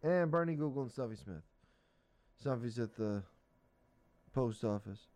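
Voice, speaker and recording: A man's voice: mid-range voice, animated, a little slow, darkish tone. Upbeat man reading the comics. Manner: upbeat, explains the panels between quotes. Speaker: volunteer radio reading service reader. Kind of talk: reading newspaper comics aloud for radio.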